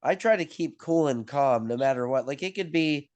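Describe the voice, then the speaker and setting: A man's voice: fairly high pitch, expressive, normal speed, a little mellow, dry recording, dull audio. A man co-hosting a casual podcast who muses in a laid-back, rambling way. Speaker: podcast co-host. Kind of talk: casual chat with friends.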